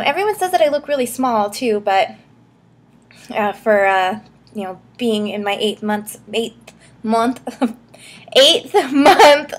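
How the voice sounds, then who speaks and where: A young woman chatting casually in a vlog, a bit short of breath, giggling often and filling pauses with ums and likes. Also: a little high. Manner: chatty, giggly, many fillers and restarts. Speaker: vlogger. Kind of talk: casual pregnancy update vlog.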